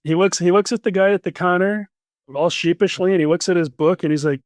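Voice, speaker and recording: A man's voice: high voice, quick pace, no echo, studio quality. A man chatting as a podcast guest, telling shop stories and often repeating his opening words. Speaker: podcast guest, business owner. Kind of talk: casual podcast chat.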